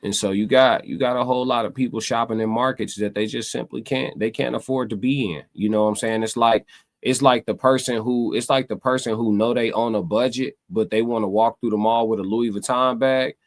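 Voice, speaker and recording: A man's voice: mid-range voice, steady tone, a little fast. A man hosting a live stream, talking casually to his chat in a loose, meandering way, repeating himself and searching for words. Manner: loose and meandering, many fillers and repeated phrases.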